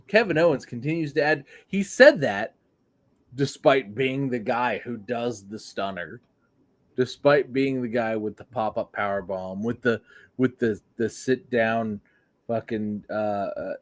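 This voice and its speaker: A man's voice: medium pitch, measured pace. Guy cohosting a wrestling podcast, rambly and hyped, cusses a lot, normal mid voice. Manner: excitable, rambling, swears freely. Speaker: podcast co-host. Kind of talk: casual wrestling podcast chat.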